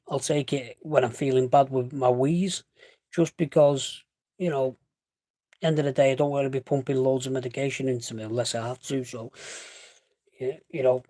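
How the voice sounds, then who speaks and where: A man's voice: mid-range voice, warm tone, no room sound, clean studio sound. A young man chatting casually, stopping now and then for a chesty cough and often calling the listener "mate". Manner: chatty, rambling, self-correcting, says "mate" often. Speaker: vlogger. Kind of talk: casual chat.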